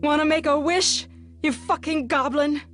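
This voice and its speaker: Casting: woman reading a hurt, bitter man, low and mocking, in an audiobook. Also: normal speed, close to an everyday voice. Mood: shouting. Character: defiant injured male writer, bitter.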